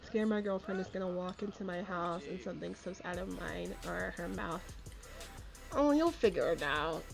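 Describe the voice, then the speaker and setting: A young woman casually commentating her life-sim game as she streams, chatty and giggly, voicing her characters' thoughts in quick asides. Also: fairly low pitch, vocal fry, music in the background.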